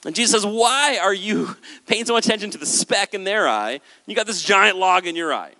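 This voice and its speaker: A man preaching a sermon on stage with a handheld microphone, animated and acting out the voices of listeners and Jesus. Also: high-pitched, fairly quick. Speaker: pastor. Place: large hall with a stage. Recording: hall with long reverb.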